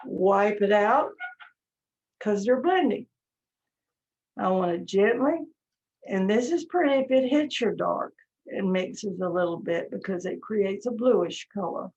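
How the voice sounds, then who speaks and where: Slow gentle woman teaching painting. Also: mid-range voice, lively intonation. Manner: slow, gentle step-by-step instruction. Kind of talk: live online painting lesson. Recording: dull lo-fi stream audio.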